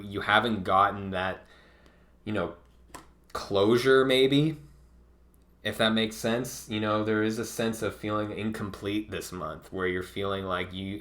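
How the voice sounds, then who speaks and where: A man's voice: deep voice, sharp tone. A man giving a casual tarot reading in a laid-back, profane way, filling his talk with "like". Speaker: tarot reader.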